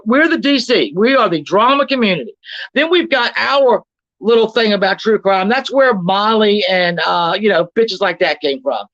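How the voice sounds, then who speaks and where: A woman's voice: mid-range voice, a bit bright, no room sound, highs cut off. Profane, combative woman ranting on a livestream. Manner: profane, combative, mocking, reads chat comments aloud and fires back. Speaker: livestream host. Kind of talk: confrontational livestream rant.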